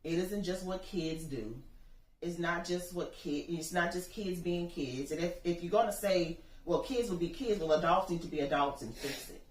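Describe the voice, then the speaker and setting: Woman, low voice, impassioned storyteller, echoey room, mic set far off. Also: moderate pace. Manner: earnest, impassioned storytelling that acts out dialogue. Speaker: bereaved mother telling her story. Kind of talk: personal testimony interview. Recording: echoey room, distant mic, faint noise.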